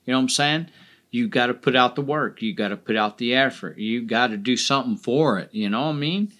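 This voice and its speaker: Male podcast host, folksy and plain-spoken, mid-pitched, repeats key lines, casual cursing. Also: brisk, bright, forceful tone. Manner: folksy, blunt, swears casually, repeats phrases for emphasis. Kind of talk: motivational podcast talk.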